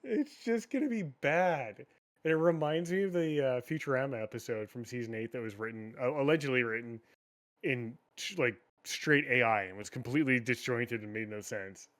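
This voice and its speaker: A man's voice: medium pitch, moderate pace, a bit bright. A man co-hosting a casual gaming news podcast, ranting with lots of swearing and frequent laughs. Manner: profane, ranting, laughs often. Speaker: podcast co-host.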